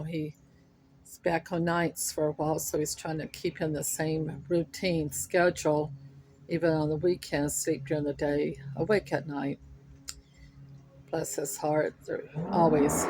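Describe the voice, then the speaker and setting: An older woman rambles along in an easy, slow drawl, a little winded and catching her breath between thoughts. Her voice sits low and carries a gravelly, creaky edge. She talks from outdoors with a faint hum of the neighborhood behind her. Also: darkish tone. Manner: rambling, chatty. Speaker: vlogger. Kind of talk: casual chat.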